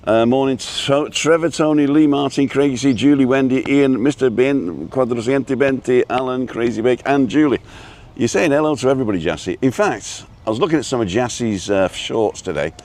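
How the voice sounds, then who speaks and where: A man speaks in a mid-range, slightly mellow voice at a moderate pace while hosting a live stream on foot. He's outdoors on a seaside town street, chatting casually, joking and reading out the names of viewers.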